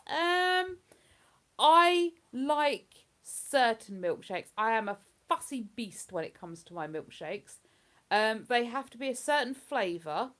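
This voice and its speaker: A woman with a London-area English accent hosting a casual live stream, chatting, rambling and reading out viewer comments. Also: a little high. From England. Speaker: livestream host.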